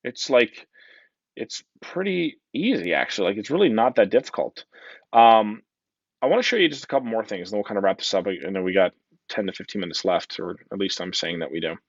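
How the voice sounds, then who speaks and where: A man's voice: lowish voice, lively intonation, brisk, slightly rough, no room sound, lo-fi sound. A man with a New Jersey accent giving a casual, joking conference talk full of fillers. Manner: chatty, joking, many fillers and "right?". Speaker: conference speaker.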